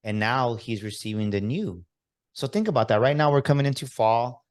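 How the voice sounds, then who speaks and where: A Texan man with a medium-pitched voice hosts a motivational podcast at a normal pace. He addresses his listeners directly, full of energy and with a preaching tone.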